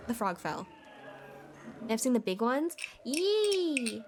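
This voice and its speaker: A woman's voice: a little high, animated, measured pace, very noisy. A young woman streaming live, chatting playfully with lots of giggles while she plays. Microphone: desk mic.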